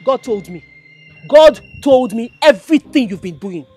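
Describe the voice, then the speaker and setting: An actress with a Nigerian accent playing a sharp-tongued fiancée who confronts the man she is to marry, mocking and scolding him in a Nigerian movie drama. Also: on the high side, lively intonation, moderate pace, breathy edge. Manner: mocking, scolding, switches into pidgin taunts. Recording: faint background music score.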